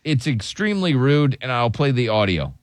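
Lively joking radio host man. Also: mid-range voice, normal speed, no echo, clean studio sound. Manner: laughs often, teasing. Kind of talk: casual morning show banter.

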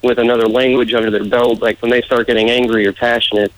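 A man's voice: mid-range voice, flat delivery, fast talker, low-quality recording. A man with a muddled mixed accent, a political candidate answering radio interview questions in an easygoing way. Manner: easygoing, laughs off teasing.

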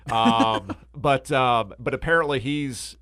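A man's voice: mid-range voice, slow, pushed and bright, no room sound. Man co-hosting a sports chat. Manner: asks questions, short dry interjections. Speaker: co-host. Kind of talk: casual sports podcast chat.

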